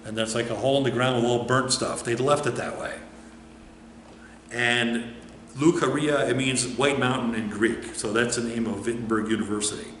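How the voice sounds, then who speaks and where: Pastor lecturing in an echoey hall. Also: male voice, medium pitch, fairly even intonation, moderate pace, fairly bright tone, slight background noise. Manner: conversational, asks the audience questions and answers them; frequent fillers and repeated starts. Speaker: pastor teaching a history class. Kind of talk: informal slide-show lecture. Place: church hall or classroom. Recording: echoey hall, picked up from a distance.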